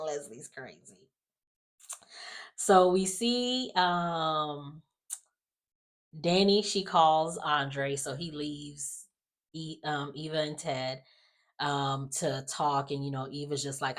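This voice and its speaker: Woman, low voice, casual soap recap, rambling and filler-heavy, quotes the characters. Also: measured pace. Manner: chatty, filler-heavy, acts out characters' lines. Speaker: soap opera recap vlogger.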